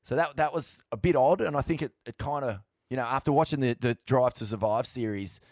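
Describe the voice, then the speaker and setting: A man's voice: medium pitch, fairly quick, a little mellow, no room sound, studio quality. An Australian man co-hosting a podcast, telling stories in a laid-back, sweary way. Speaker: podcast co-host. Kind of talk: casual chat.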